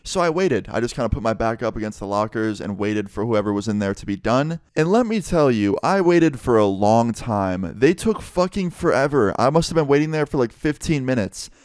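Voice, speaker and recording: A young man telling a casual, profane storytime vlog in an animated way. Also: medium pitch, a little fast, hardly any pauses, dry recording, clean studio sound. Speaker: vlogger.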